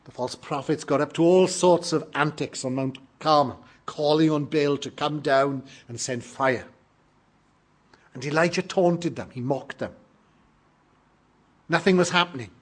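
A man's voice: fairly high pitch, measured pace. A British man preaching a sermon, reading scripture and explaining it in an earnest, emphatic way. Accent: British English. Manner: earnest, emphatic preaching with sudden loud peaks.

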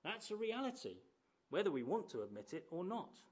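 A man's voice: high voice, very animated, fairly quick, slightly rough. A man in his thirties preaching a sermon in a conversational way, often asking rhetorical tag questions.

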